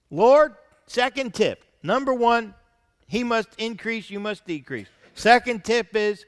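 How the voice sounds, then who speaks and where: A man preaching a sermon as senior pastor, reading scripture aloud between his own points and dropping to soft asides. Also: high-pitched, animated, a little slow, smooth, in a large hall.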